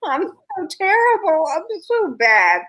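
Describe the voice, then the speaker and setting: A talkative woman co-hosts a live chat and teases herself freely. Her voice sits high. She talks in an easy, friendly way. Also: wildly swooping pitch, a little slow, a bit bright, slight background noise, low-quality recording. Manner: self-deprecating, laughing. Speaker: co-host.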